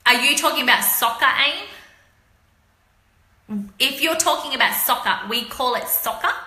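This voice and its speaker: A woman's voice: fairly high pitch, pushed and bright. An Australian woman hosting a casual live chat, talking to her viewers by name in a rambling, slangy, chatty way. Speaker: livestream host chatting with viewers. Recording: roomy echo.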